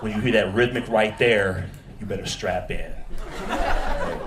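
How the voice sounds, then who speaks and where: A man's voice: on the low side, unhurried, far from the mic, heavy background noise. A man doing a stand-up comedy set on a club stage, working the crowd and acting out characters. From Texas. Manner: crowd work, acts out characters in put-on voices. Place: comedy club stage before a live audience. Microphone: handheld stage mic. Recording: roomy club sound with crowd laughter. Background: audience laughter.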